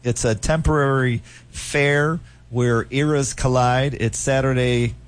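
A man's voice: mid-range voice, steady tone, takes it slowly. A man co-hosting a radio show, chatting loosely and joking, with many fillers. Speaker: radio host. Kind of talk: casual morning radio banter.

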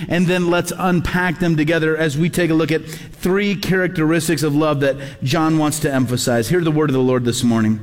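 A man's voice: high voice, big-room sound. A middle-aged man preaching a sermon as pastor, emphatic and repeating his key words.

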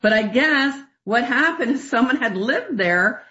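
A woman's voice: on the high side, a little slow. Radio co-host, woman, rambling anecdotal delivery, dull broadcast sound. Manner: rambling, animated, laughs often. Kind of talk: casual storytelling on radio.

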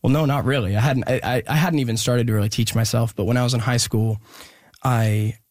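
A young man telling a personal story in an interview, halting and earnest with many pauses and restarts. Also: medium pitch, fairly even intonation, a little mellow, no room sound, studio quality. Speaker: guest musician.

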